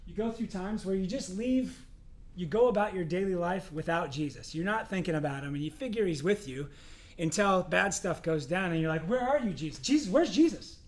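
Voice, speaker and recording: Here a pastor speaks in a high-pitched voice at moderate speed, preaching in an easygoing way laced with humor. Quoted lines get acted out in character voices.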